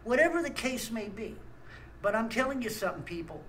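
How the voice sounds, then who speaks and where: A man's voice: very high-pitched, big pitch swings, brisk, fairly bright tone, a little hiss or hum, low-quality recording. A man, host of a small ministry channel, ranting angrily with blunt talk and stammered restarts. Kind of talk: angry ranting monologue.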